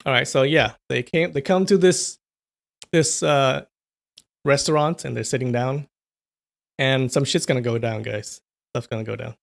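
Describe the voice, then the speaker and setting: A man reading a novel aloud on a livestream, breaking off for relaxed chat with viewers' comments. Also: medium pitch, normal speed, gravelly, long pauses. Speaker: livestream storyteller.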